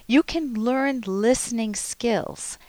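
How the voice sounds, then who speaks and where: A woman psychologist hosting an advice call-in radio show, calmly explaining coping skills and acting out short example quotes. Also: a little high, slow, dry recording. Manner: calm explanatory coaching, acts out little example quotes.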